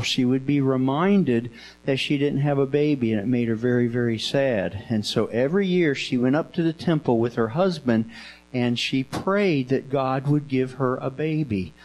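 A man tells a Bible story to children in first person, at a middle pitch. His delivery is gentle and coaxing, with slow, repeated phrases. It sounds like a storyteller guiding a young group in a classroom. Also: poor audio. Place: indoor room with children present.

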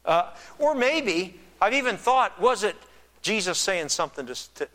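Bright-voiced man preaching a sermon. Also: high voice, big pitch swings, a little slow. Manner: builds from soft reflective to loud emphatic preaching. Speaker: pastor.

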